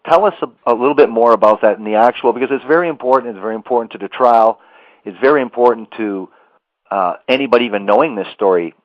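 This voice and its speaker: A man's voice: medium pitch, fast, dry recording, dull audio. A male radio host interviewing a guest, pressing for details with repeated emphatic phrases.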